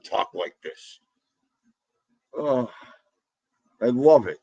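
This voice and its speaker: A man's voice: mid-range voice, expressive, drawn-out words, gravelly, mellow, slightly rough, dry recording, muffled recording. A middle-aged man, hosting a livestream and chatting casually and chattily with viewers, laughing as he goes. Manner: chatty, laughing, talks back to the chat. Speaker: livestream host. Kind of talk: casual chat with live viewers.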